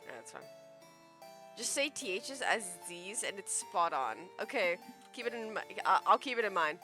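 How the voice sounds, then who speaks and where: A woman's voice: medium pitch, sing-song, normal speed, pushed and bright. A woman streamer giving casual let's-play commentary, with joking asides while she plays. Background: game music.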